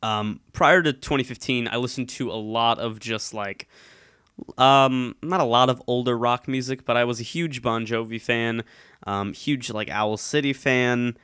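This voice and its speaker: Rambling young man, smooth dry voice. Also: mid-range voice, unhurried, fairly bright tone, no echo. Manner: rambling, many ums and restarts. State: slightly congested. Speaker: YouTube commentator. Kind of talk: casual solo chat. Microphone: headphones, desk mic.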